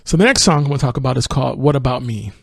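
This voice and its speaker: A man with a gravelly, mid-pitched voice hosts a music review podcast, talking through a new album and reading lyrics aloud. He muses in a relaxed way, pausing and restarting as he thinks. The sound is dry and close, with no room around it. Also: no room sound. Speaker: podcast host.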